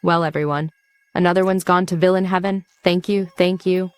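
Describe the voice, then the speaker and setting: A woman's voice: fairly low pitch, steady tone, moderate pace, clear, resonant tone, no echo, natural voice. A smug, sarcastic young male villain, cocky and showy, read by a woman recapping a comic. The voice is dry and close, with faint music underneath. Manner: sarcastic, teasing.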